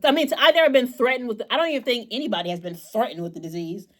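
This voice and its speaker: Animated young woman telling a story. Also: on the high side, very fast. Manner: animated storyteller, acts out callers in raised voices. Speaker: podcast co-host. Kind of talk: casual storytelling.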